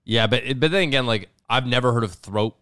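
A man co-hosting a casual chat podcast, animated, laughing often and swearing a lot. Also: mid-range voice, fairly quick, clear, resonant tone, dry recording, studio quality. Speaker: podcast co-host.

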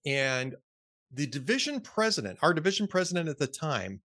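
Lively middle-aged man telling a story. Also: fairly high pitch, moderate pace, no room sound, studio quality. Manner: chatty storytelling, laughs often. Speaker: podcast co-host. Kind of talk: casual chat.

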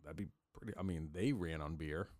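A man's voice: rumbling low, brisk, darkish tone, no room sound, studio quality. A man co-hosting a podcast, rambling casually with frequent fillers and swearing. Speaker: podcast co-host. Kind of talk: casual chat.

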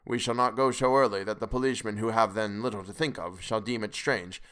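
A wise, patient elderly professor, read by a man, lays out his plan in a deliberate, lecturing way. The voice sits low and unhurried, an audiobook character weighing every word. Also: steady tone, a bit bright, smooth, close to an everyday voice. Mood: measured.

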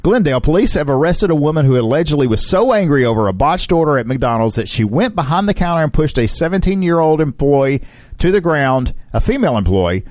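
A man with a slightly high, very lively voice reads quirky news stories on the air and breaks into jokes and laughter between them. The studio sound is dry and close, with a faint music bed running underneath. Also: brisk, dry recording. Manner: animated, laughs often, reads headlines with playful asides. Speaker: radio co-host reading news. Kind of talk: joking radio banter.

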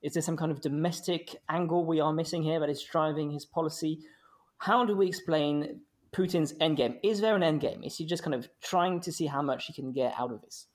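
A man hosting a discussion panel, explaining terms and asking questions in a measured way. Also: a little high. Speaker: host, moderator.

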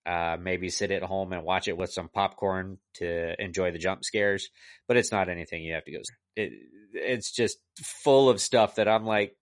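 A man's voice: low voice, fairly even intonation, moderate pace, no echo. Rambling man on a podcast, dry sound. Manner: rambling, exasperated retelling full of "like". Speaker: podcast co-host reviewing a movie. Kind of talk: casual chat.

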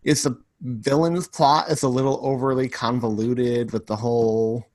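A man's voice: mid-range voice, level tone, moderate pace, a little mellow, no room sound. A man co-hosting a podcast in casual chat, talkative and full of "like" fillers. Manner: talkative, fills speech with "like". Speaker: podcast co-host.

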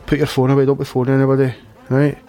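A man's voice: medium pitch, monotone, very fast, mellow. Sweary Glaswegian man ranting. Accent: Glasgow Scottish. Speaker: pirate radio DJ. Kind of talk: scripted comedy radio show.

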